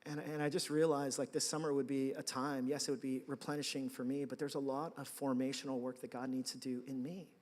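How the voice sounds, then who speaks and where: Storytelling pastor in a reverberant hall. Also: male voice, medium pitch, level tone, fairly quick, few pauses, a little mellow. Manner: conversational storytelling with self-deprecating asides. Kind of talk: sermon. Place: large church hall.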